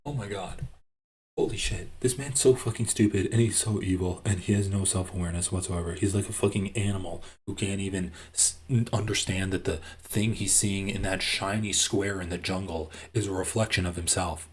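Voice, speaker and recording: A man doing live-stream commentary on clips, ranting with lots of swearing and getting loud and heated. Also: low-pitched, steady tone, brisk, slightly rough. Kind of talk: livestream commentary reacting to clips.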